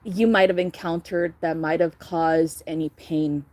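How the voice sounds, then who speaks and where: A woman's voice: low voice, fairly even intonation, a little slow, darkish tone. Chatty woman giving a spiritual reading. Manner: chatty, laughs often, swears casually. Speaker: tarot reader. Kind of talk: casual spiritual vlog reading.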